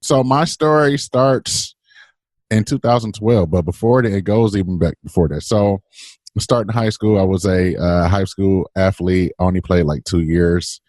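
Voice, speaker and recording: A man, telling his story as a podcast guest in a lively, laughing way. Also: low voice, normal speed, no room sound, clean studio sound. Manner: animated, laughing, acts out quoted voices. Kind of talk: casual storytelling.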